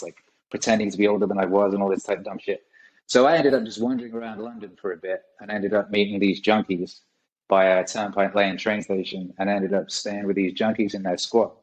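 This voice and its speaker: A man in his forties, appearing as a guest musician on a podcast, tells rambling stories casually and swears a lot. His voice is fairly low and a little mellow, and the audio quality is poor.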